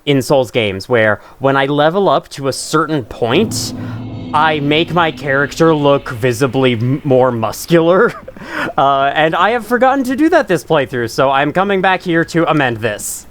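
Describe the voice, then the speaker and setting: A man's voice: a little high, animated, moderate pace, faint music behind. A young man hosting a casual let's-play with chatty, self-mocking asides, his nose runny from allergies. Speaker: gaming channel host.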